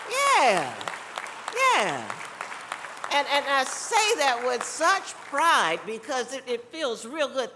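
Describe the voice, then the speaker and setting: A woman's voice: medium pitch, fairly bright tone, a little hiss or hum. A woman from South Carolina with a Southern accent, giving a folksy, teasing convention speech and calling out to the crowd. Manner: chatty, teasing, calls out to the crowd. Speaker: convention speaker. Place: large convention hall. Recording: long hall reverb.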